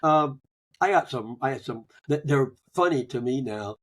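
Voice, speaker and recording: An older man telling personal stories in a folksy, conversational way, often chuckling and trailing off softly. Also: medium pitch, animated, moderate pace. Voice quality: gravelly, husky. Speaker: guest, grief author. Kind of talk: conversational interview.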